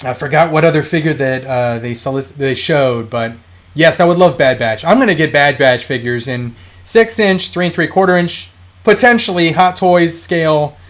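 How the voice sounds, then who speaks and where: A man in his thirties with a slightly raised pitch, hosting a live stream about toy collecting. He talks casually and loosely, full of fillers and false starts, as he reads comments and tells stories. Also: normal speed. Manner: rambling storytelling with many fillers and restarts.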